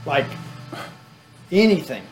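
A young adult man chatting casually as a guest, easygoing and quick to laugh. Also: fairly high pitch, sing-song, darkish tone, faint music behind. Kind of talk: casual chat.

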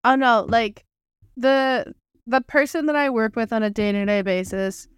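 A woman's voice: fairly high pitch, unhurried, clean tone, no echo. A woman in her twenties chatting casually as a podcast co-host, telling stories with frequent laughs and casual swearing. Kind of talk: casual chat.

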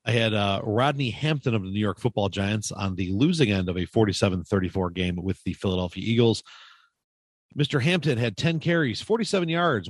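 A man's voice: on the low side, dry recording. A man co-hosting a casual sports podcast, calling out stats playfully with jokey nicknames. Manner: playful, with jokey nicknames and emphatic stat calls. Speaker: podcast co-host.

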